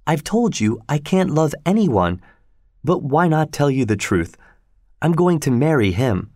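A cold, detached young woman speaks in a flat, unfeeling way, voiced by a man reading a storybook. The recording is dry and close-miked, with no echo. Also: fairly high pitch, measured pace, voice pushed up.

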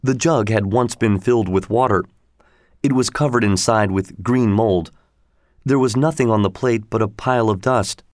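A man narrating a storybook in a steady, measured reading. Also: on the low side, dry recording, clean studio sound.

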